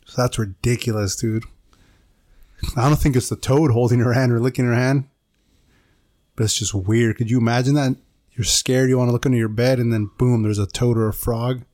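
A man's voice: mid-range voice, fairly even intonation, a little fast, darkish tone, no room sound, studio quality. A man co-hosting a podcast, telling a story in a casual, rambling way and saying "dude" a lot.

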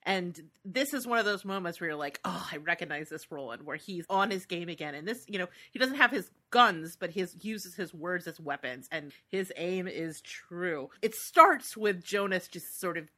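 A woman's voice: on the low side, animated, moderate pace, hardly any pauses, bright, forceful tone. A woman co-hosting a podcast, chatting casually and enthusiastically about a book she loves. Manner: enthusiastic, reads passages aloud. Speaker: podcast co-host.

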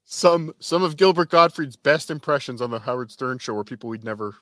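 A man's voice: mid-range voice, expressive, fairly quick, pushed and bright, no room sound. A man putting on a formal, deferential butler-type sidekick who answers politely and addresses the other as sir. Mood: dry deferential. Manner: formal, always adds "sir".

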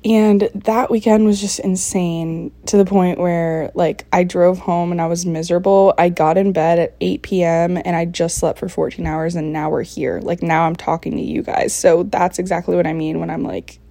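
A young woman in her early twenties tells a casual story, chatty and excitable, with her speech full of fillers. Her voice sits on the lower side for a woman. The sound is dry and close, with no room echo. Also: moderate pace, creaky, hardly any pauses. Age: early 20s. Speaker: podcast host.

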